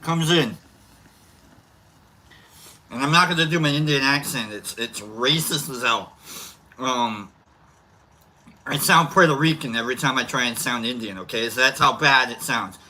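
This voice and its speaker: Bright-voiced man rambling while he eats. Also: mid-range voice, measured pace, pauses often. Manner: rambling, jokey storytelling; talking while eating. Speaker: live-stream host. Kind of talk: casual live-stream chat.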